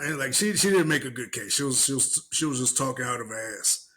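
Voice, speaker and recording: A man's voice: mid-range voice, fast. A young man co-hosting a podcast, retelling an online argument in casual, profane slang and mimicking the people in it. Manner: animated retelling with mimicked voices, cursing, laughing. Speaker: podcast co-host. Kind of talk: casual chat.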